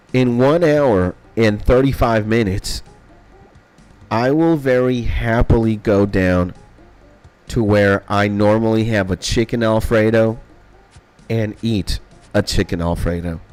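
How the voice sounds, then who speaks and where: Young male gaming streamer, slow unhurried delivery, profane rambling, faint music behind. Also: fairly low pitch. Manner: rambling, excitable, swears a lot. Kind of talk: casual stream chat. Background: faint background music.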